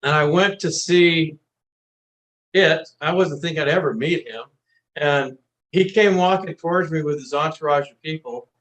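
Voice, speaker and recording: A man, a singer-songwriter guest, telling animated anecdotes in a casual interview. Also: on the high side, moderate pace, low-quality recording. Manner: animated anecdotes, acts out quotes.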